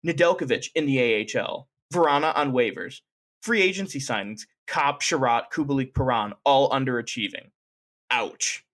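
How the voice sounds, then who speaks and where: A man's voice: medium pitch, normal speed, fairly bright tone, natural voice. A man voicing a smug male hockey writer while reading a post aloud.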